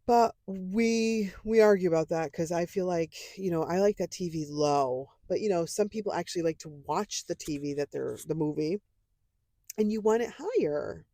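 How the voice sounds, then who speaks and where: A woman's voice: fairly low pitch, normal speed, mellow, no room sound. A woman co-hosting a podcast, chatting casually and swearing as she rants about pet peeves. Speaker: podcast co-host. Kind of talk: casual chat.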